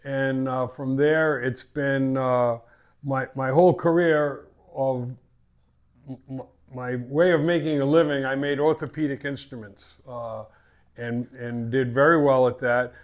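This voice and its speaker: An older man from Massachusetts with a Boston accent, a fishing captain, tells stories in a casual interview, rambling and repeating words. His voice is medium-pitched and steady, and he takes his time.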